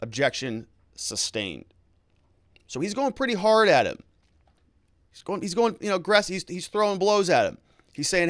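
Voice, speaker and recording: A man breaking down a courtroom trial as a legal commentator, his pitch leaping up and down as he acts out the questioning. His voice sits a bit high for a man. The recording is close and dry, with no room sound. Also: moderate pace, long pauses, no room sound. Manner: animated, incredulous, acts out questions.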